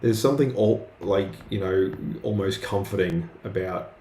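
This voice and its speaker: In a roomy recording with faint background noise, a man with a deep, darkish voice talks at a moderate pace during his live drawing stream. His casual chat is halting, packed with fillers and false starts.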